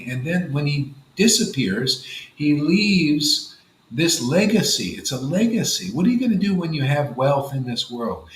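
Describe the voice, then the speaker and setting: Animated casual man preaching, echoey room. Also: fairly high pitch, slight background noise. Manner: casual and animated, says "man" and "you know" often. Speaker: spiritual teacher. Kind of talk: informal devotional talk.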